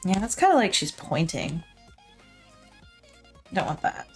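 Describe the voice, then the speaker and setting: A woman's voice: on the low side, very animated, a little slow, soft background music. Chatty woman artist thinking aloud. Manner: chatty, joking, self-deprecating, talks to herself. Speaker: digital artist streaming her work. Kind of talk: casual thinking aloud while drawing. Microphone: her own desk mic with a pop filter.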